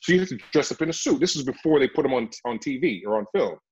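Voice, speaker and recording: Middle-aged guy, husky voice, chatty storyteller in an interview, muffled lo-fi audio. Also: mid-range voice, racing. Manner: animated, chatty, slips into voices. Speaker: actor and guest.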